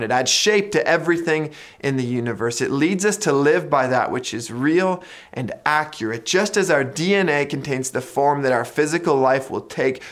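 A pastor with a mid-range voice delivers a conversational sermon, retelling a story dramatically and dropping to a quiet emphasis on the key lines.

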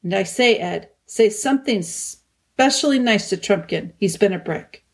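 A woman voicing a brave young king who speaks in a steady, clipped, understated way. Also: mid-range voice, a little slow. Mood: grim. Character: young king Peter, brave and plain-spoken.

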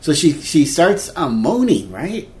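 A man in his fifties telling a dating story in casual chat, animated and laughing, acting out quotes. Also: fairly high pitch, measured pace. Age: 50s. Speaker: podcast co-host.

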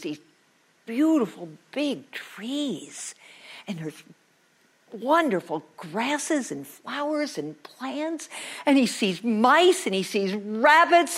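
Woman storyteller, folktale to a class, slow, dramatic, very lively pitch, hushed asides. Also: slightly rough. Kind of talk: oral folktale telling to a class. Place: college classroom.

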